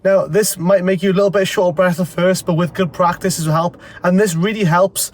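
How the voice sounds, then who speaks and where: A man's voice: sits high, steady tone, brisk, a little hiss or hum. A young man with a blocked-up nose from a cold, giving blunt, profane advice to the camera in a casual, rambling way. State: congested from a cold. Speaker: self-improvement vlogger.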